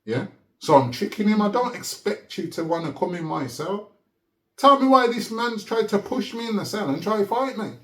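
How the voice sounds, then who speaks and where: A man talks in a relaxed, storytelling way, with a slightly high voice. He laughs often and keeps asking "yeah?" to check the listener follows. The room gives his voice a noticeable echo. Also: moderate pace. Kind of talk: casual conversational storytelling. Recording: roomy echo.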